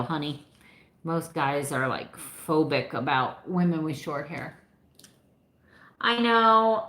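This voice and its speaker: A woman in her fifties with a lowish voice chats loosely with her live viewers. She rambles and laughs easily. The echoey room rings around her. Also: sharp tone. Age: 50s. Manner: chatty, rambling, laughs often. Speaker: vlogger answering live chat. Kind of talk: casual live chat.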